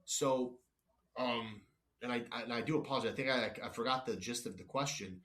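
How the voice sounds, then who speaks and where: A man's voice: medium pitch, brisk, fairly bright tone. A man guest on a podcast, telling workplace stories in a blunt, no-nonsense way, acting out back-and-forth exchanges, with frequent restarts. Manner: frequent restarts and apologies, wanders off topic. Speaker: company executive guest. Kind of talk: casual podcast interview.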